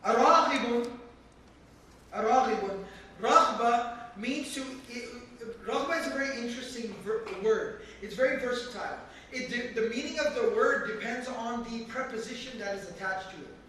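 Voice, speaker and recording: A man's voice: very high-pitched, normal speed, few pauses, pushed and bright. A man teaching a religious lesson, explaining words one at a time, and repeating phrases for emphasis. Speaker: teacher explaining Quran verses. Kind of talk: religious lecture. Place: mosque hall. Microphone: handheld camera from across the room. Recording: echoey hall from far off, faint room noise.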